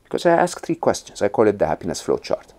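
A middle-aged man from Egypt with a low, deep voice that rises and falls in wide, lively swings. He talks as an interview guest, telling stories and laying out ideas, often restarting mid-sentence and checking in with "right?" and "okay?". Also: quick pace. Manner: animated storyteller, frequent restarts and "right?" check-ins. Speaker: podcast guest. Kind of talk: conversational interview.

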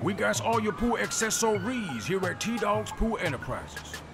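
A man's voice: high-pitched, very animated, a little slow, exaggerated voice. A man voicing a slick, sleazy pool-supply salesman in a comic mock commercial. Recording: voice over loud music.

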